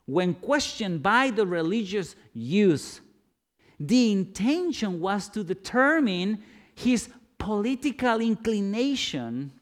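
A man preaching a sermon, dramatic, swinging from loud questions to hushed, low-spoken lines.

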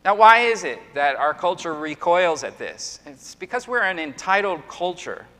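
A man's voice: sits high, sing-song, normal speed, bright, forceful tone. A middle-aged male pastor preaching an earnest sermon, full of emphatic rhetorical questions. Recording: long hall reverb.

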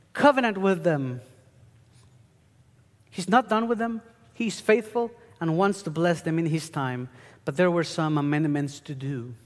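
Male preacher, sermon delivery, earnest and emphatic, high voice, reverberant hall. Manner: earnest teaching with emphatic bursts.

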